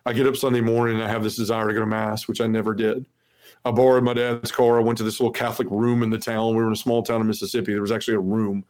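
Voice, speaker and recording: A man's voice: lowish voice, level tone, very fast, darkish tone. A man in his forties, a podcast guest, telling a personal testimony in an earnest way, peppered with "you know", acting out the lines of people in it. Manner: acts out quoted dialogue.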